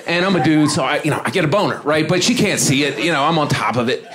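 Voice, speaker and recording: A middle-aged man performs stand-up at a comedy club, telling a crude, rambling story into a stage mic. His voice sits a little high, and he drops in quick impressions of the people in it. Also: fairly bright tone. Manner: loose, rambling, crude, acts out characters.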